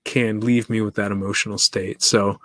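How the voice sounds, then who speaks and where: A man's voice: fairly low pitch, level tone, moderate pace, a bit bright, no echo, clean studio sound. A man hosting his own podcast, talking alone in a loose, musing way, laughing often and putting questions to his listeners. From East Africa. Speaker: podcast host. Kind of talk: casual solo monologue.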